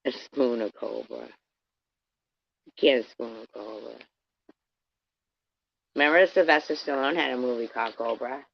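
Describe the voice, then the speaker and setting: A woman's voice: very deep voice, unhurried, creaky, long pauses, no room sound. A woman live-streaming, chatting casually with her viewers, rambling and swearing as she tells a story and greets people in the chat by name. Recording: dry, dull lo-fi stream audio.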